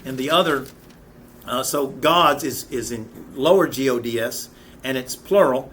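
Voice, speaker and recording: A middle-aged man leads a Bible lesson in an earnest, conversational voice. His pitch sits in an ordinary middle range, and he often restarts and repeats words as he talks. Faint ambient noise hums behind him. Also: unhurried, a bit bright. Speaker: Sunday school teacher. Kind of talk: Bible study teaching.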